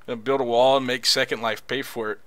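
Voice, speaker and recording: A man's voice: mid-range voice, fairly even intonation, fast, a bit bright, no echo. A man chatting casually in an online voice chat, joking and laughing often.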